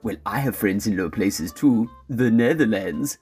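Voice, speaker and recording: A pompous German man, put on by a comic performer, lectures in a German accent. The voice swoops widely in pitch and sits mid-range. Faint music plays behind. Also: expressive, a little slow, a little mellow, breathy edge. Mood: sniffy. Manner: dry, condescending, lecturing. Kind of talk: comic radio sketch.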